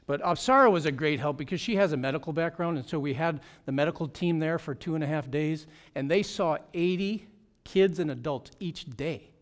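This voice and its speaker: A middle-aged man, a pastor, giving a lively report on a mission trip to his church. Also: fairly high pitch, a little fast. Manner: animated storytelling with frequent laughs.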